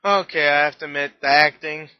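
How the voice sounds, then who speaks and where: A man's voice: on the high side, steady tone, a little fast, clean tone. A tired, slightly out-of-breath man rambles through a casual movie review, laughing and restarting his sentences. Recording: dull lo-fi webcam audio.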